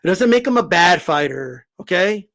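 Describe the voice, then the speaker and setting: A man giving a casual, animated opinion rant as a boxing commentator, profane and full of fillers. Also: high-pitched, normal speed.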